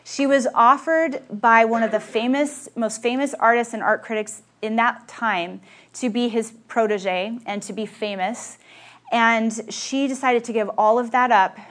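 An earnest woman delivers a sermon with a fairly high voice. She is emphatic and keeps asking her listeners direct questions. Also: fairly even intonation, measured pace, fairly bright tone. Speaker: speaker at a Christian gathering.

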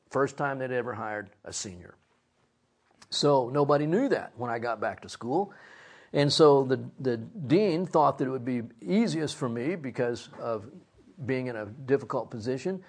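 A man preaching, telling a personal story in an animated way and laughing through parts of it. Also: mid-range voice, moderate pace. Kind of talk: sermon storytelling.

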